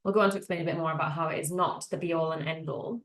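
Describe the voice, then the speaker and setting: Casting note: chatty, teasing woman co-host, late twenties, slightly low voice, echoey room. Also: steady tone, quick pace. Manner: chatty, teasing, self-deprecating. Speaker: podcast co-host. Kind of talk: casual chat. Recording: roomy echo.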